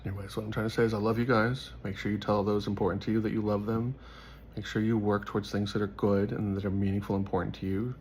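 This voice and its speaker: A man's voice: flat delivery, fast, darkish tone, a little hiss or hum. A young man giving a casual faith talk, telling stories and acting out the people he quotes. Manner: storytelling, acts out quotes with rising pitch. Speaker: host.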